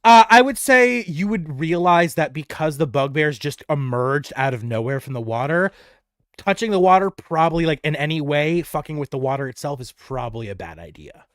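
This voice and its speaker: A man runs a tabletop game in a high, lively voice. He narrates casually, full of fillers and restarts, on a dry, close mic. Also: normal speed, dry recording. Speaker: game master.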